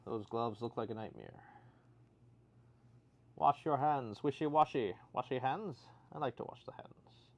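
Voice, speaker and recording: A man's voice: mid-range voice, takes it slowly, vocal fry, long pauses, muffled recording. Dry, sarcastic man hosting a livestream. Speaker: livestream host reading viewer comments. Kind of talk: casual chat.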